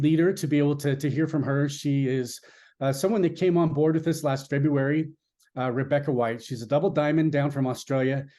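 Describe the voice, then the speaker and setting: A man's voice: medium pitch, warm tone. A man hosting a company launch event, giving an earnest motivational speech with repeated rhetorical questions and many fillers.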